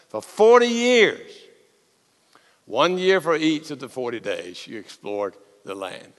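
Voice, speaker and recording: A bright, ringing male voice, preaching a sermon in a big church hall. He acts out the story, climbing loud and high, then dropping to a near hush. A long reverb trails each phrase. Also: takes it slowly. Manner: animated storytelling, swings from loud to hushed. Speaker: pastor.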